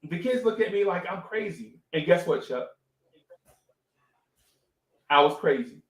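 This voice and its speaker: Animated middle-aged man, echoey room. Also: high voice, measured pace. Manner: animated storytelling, repeats phrases, says "right?" often. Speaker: podcast co-host. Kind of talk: casual live-stream talk.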